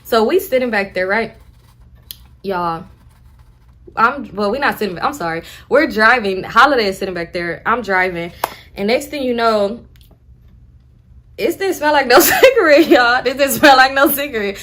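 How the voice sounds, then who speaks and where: A young woman telling a casual storytime, slangy, profane and animated. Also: fairly high pitch, moderate pace, long pauses.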